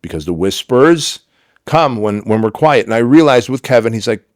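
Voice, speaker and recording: A man's voice: mid-range voice, lively intonation, moderate pace, dry recording, clean studio sound. A middle-aged man speaking as a podcast guest, telling personal stories emphatically, acting out dialogue and swearing now and then. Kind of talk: candid storytelling interview.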